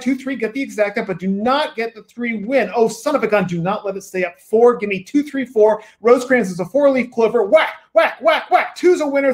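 A man voicing a loud, excitable gambler, yelling and cheering on horses during a live book reading. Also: high-pitched, close to an everyday voice. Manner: yelling race calls, frantic cheering.

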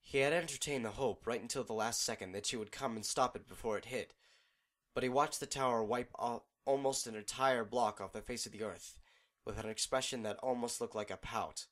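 A man narrating a fan fiction audiobook in a steady, measured storytelling manner. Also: medium pitch.

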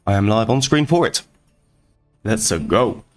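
A man hosting a live slots stream, chatting casually and greeting viewers by name in quick, upbeat bursts. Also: on the low side, lively intonation, soft background music. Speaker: slot streamer host.

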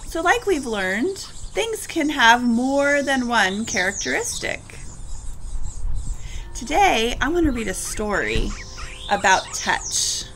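A woman teacher reading a picture book aloud to children in her backyard, with slow, expressive storytelling and asides to her listeners. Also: sits high, slight background noise. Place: backyard outdoors.

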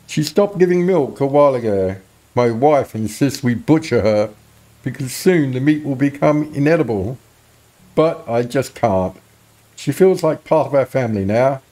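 A man's voice: medium pitch, lively intonation, measured pace, warm tone, natural voice. A man voicing a worried, chatty middle-aged villager in a video game, talking in an earnest, pleading way. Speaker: game character read aloud.

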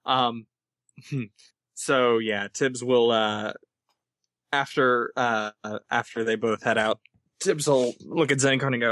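A man playing in a tabletop game over voice chat, pausing often with ums and uhs. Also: mid-range voice, steady tone, a bit bright, no echo. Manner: hesitant, many ums and uhs. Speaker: player.

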